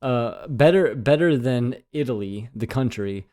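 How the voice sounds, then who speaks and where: A young man in his twenties co-hosts a podcast and trades dry, teasing banter with his partner. His voice sits at an ordinary mid pitch, and he keeps the chat casual. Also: expressive, measured pace, dark tone. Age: 20s. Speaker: podcast co-host.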